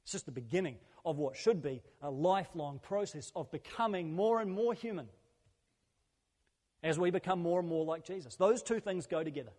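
A male pastor delivers a sermon in a slightly higher than usual voice, earnest and conversational, leaning on repeated phrases to drive each point home. His words ring out with a long reverb that fills the church hall around him. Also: animated, normal speed, darkish tone.

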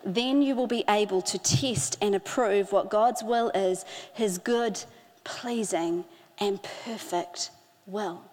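A middle-aged woman preaching a sermon, earnest, slowing down to stress key phrases. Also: medium pitch, darkish tone. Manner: earnest, with slow emphatic phrasing. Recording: hall with long reverb.

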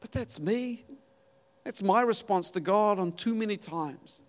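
A man preaching a sermon, telling the story in a lively way and acting out the quotes. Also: high voice, measured pace. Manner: animated storytelling with acted-out quotes and laughs.

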